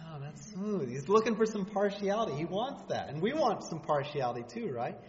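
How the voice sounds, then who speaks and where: A man preaching in a conversational, joking way, tossing out rhetorical questions. His voice sits a little high. The sound is dull, with a long hall reverb. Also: big pitch swings, a little fast. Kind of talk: sermon. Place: church hall.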